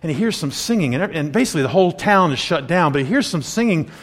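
Animated male pastor in reverberant hall. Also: fairly high pitch, fast talker. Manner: animated storyteller, acting out scenes. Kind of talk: sermon with personal story.

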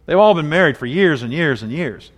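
A man's voice: fairly high pitch, expressive, brisk, long reverb tail. A man pastor giving a conversational sermon, mixing scripture with personal stories. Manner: conversational preaching with personal anecdotes.

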